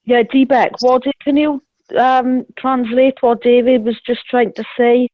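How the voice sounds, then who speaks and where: Female caller, higher voice, direct; dry lo-fi sound. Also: flat delivery, a little slow, dry recording. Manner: direct, questioning. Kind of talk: casual group voice chat. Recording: dry, dull lo-fi call audio.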